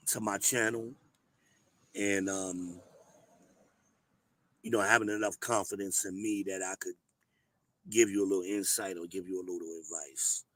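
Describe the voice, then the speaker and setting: Hoarse, emphatic man giving blunt advice. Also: on the low side, bright, forceful tone, no room sound. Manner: emphatic, preachy, blunt with cursing. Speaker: advice show host. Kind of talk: casual advice monologue.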